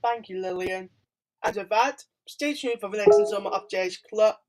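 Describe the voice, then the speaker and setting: A woman's voice: medium pitch, moderate pace, crowd noise, poor audio. Breezy woman doing mock TV announcements. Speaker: presenter of a mock TV channel.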